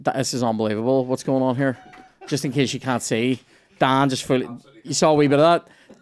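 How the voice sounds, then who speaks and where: A man's voice: mid-range voice, smooth. A man hosting a comedy podcast, rambling and jokey, laughing often. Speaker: podcast host. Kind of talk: casual comedy chat.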